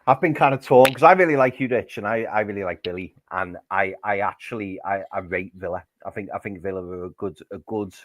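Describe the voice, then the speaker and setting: A man's voice: lowish voice, fairly quick, hardly any pauses. A man hosting a football fan podcast, chatting with frequent restarts. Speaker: podcast host.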